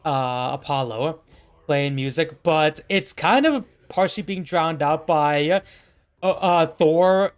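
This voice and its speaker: A man's voice: fairly high pitch, takes it slowly, clean tone. A man narrating as the game master of a tabletop game, rambling and full of fillers.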